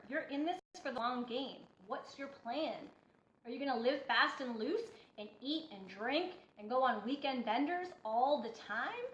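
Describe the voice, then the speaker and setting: A woman's voice: sits high, lively intonation, measured pace, fairly bright tone, slight background noise. Blunt, preachy woman in an echoey room. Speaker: healthy-eating coach. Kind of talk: motivational talk to camera. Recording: echoey room, dull lo-fi sound.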